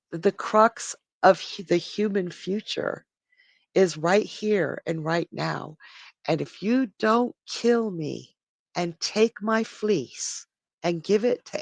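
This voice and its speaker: A dramatic storyteller narrating a myth on a live stream, with pauses and restarts. The voice is slow and gravelly, and the sound is close and dry. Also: medium pitch, dry recording.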